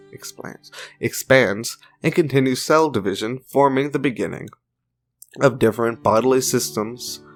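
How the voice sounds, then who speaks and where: A man giving a casual opinion monologue for a video, informal and chatty with joking side remarks. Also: medium pitch. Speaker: video commentator.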